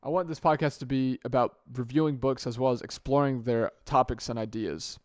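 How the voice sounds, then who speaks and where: A man's voice: medium pitch, steady tone, brisk, no room sound, clean studio sound. A young man hosting his own podcast, talking off the cuff on a good microphone, rambling and often restarting or correcting himself mid-sentence. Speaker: podcast host. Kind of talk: casual solo podcast monologue.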